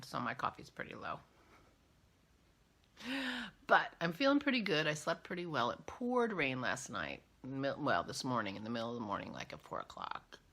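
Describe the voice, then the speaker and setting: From home, a woman hosts a casual morning coffee vlog, chatting in a rambling way, getting easily sidetracked and yawning a little. Her voice is very deep yet fairly bright in tone.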